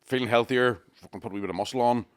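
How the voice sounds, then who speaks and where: A man's voice: medium pitch, very fast, clean tone, dry recording, studio quality. A man with a Northern Irish accent, a comedian co-hosting a podcast, chatting casually and telling crude, self-mocking stories with plenty of swearing. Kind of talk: casual chat.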